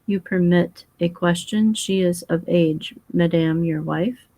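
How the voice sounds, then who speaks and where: A woman voicing a precise, fussy foreign male detective who speaks in formal, measured phrases. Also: fairly low pitch, fairly even intonation, dark tone, dry recording.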